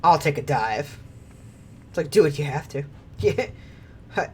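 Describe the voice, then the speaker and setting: A woman's voice: low voice, expressive, measured pace, slight background noise. A woman streaming a video game, chatting casually, laughing often, swearing freely and reading game lines aloud. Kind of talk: casual gameplay commentary.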